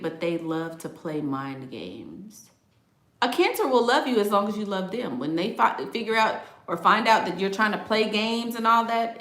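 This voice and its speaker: A middle-aged woman hosts an astrology video, casually chatting live and reading comments. Her fairly low, fairly bright voice is emphatic; she repeats her points and laughs often, and the sound is reverberant.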